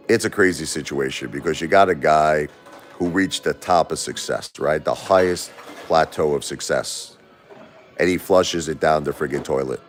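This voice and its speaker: Deep-voiced chatty man in his forties. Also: moderate pace, soft background music. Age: 40s. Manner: rambling, chatty, laughs often. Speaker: livestream host. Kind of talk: casual livestream chat.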